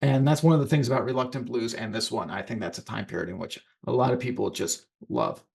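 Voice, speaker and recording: A man's voice: mid-range voice, fast talker, gravelly, darkish tone. A man co-hosting a casual podcast chat about films, rambling and often restarting his sentences. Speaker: podcast co-host.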